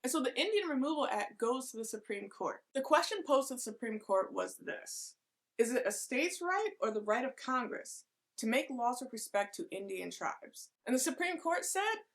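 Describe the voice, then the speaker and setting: A woman with a fairly high voice walks through a history lesson as comedy, dropping sarcastic asides in a flat, deadpan way. She explains things like a teacher who is also joking. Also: normal speed.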